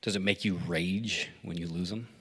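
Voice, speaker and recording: A man preaching through a story, pausing to ask listeners reflective questions. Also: low voice, steady tone, a bit bright, slightly rough. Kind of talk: sermon told as a story. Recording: long hall reverb.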